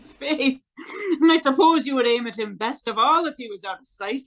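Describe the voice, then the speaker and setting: A swaggering gentleman duellist, played by a woman, brisk, assured and commanding. The voice is fairly high and lively. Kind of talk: stage comedy acting.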